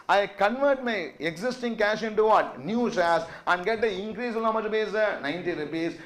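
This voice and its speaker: A man's voice: high voice, fairly bright tone. A man with a lecturing a classroom, constantly asking questions and prompting the students to answer yes or no. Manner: call-and-response questioning, asks yes or no constantly. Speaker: teacher.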